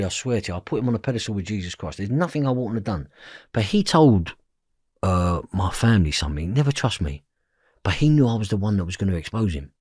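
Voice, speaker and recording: London man, husky voice, lowish pitch, blunt, swears, interview guest. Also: no echo, studio quality. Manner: blunt, swears, acts out dialogue. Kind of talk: emotional storytelling in an interview.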